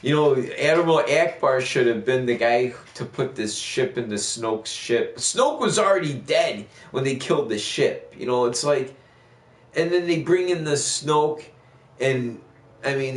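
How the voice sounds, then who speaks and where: A man's voice: medium pitch, measured pace. Rambling, profane man in an echoey room. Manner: rambling, profane movie rant. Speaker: gaming livestreamer. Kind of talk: casual chat while streaming.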